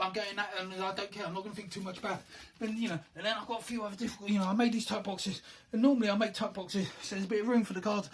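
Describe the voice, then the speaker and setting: Fast-talking rambling man. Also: high-pitched, fairly bright tone, slight background noise. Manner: rambling, self-deprecating, thinks aloud. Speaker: hobbyist showing his handmade game box. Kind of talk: casual show-and-tell chat.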